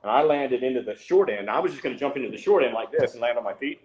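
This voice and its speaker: A middle-aged man tells a story on a podcast, dropping curses and switching to a raised voice whenever he quotes someone. His voice sits at a medium pitch. The sound carries a roomy echo. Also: quick pace, a crowd in the background. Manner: animated, swears freely, acts out quotes in a higher voice. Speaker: podcast guest. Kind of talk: casual storytelling.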